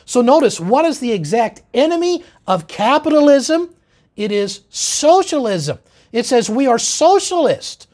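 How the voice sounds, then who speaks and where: A man's voice: very high voice, very animated, measured pace, darkish tone. A man presenting a political lecture in an emphatic, insistent way.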